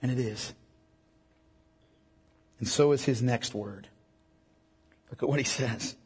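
A man's voice: mid-range voice, slow, husky. A middle-aged male pastor preaching a sermon to a congregation, mixing scripture with joking asides. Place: church hall. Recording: long hall reverb.

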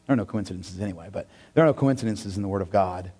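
A man preaching a sermon in a church, impassioned and swinging between loud and hushed delivery. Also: low voice, rapid-fire, breathy edge. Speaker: pastor. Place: church sanctuary. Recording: long hall reverb.

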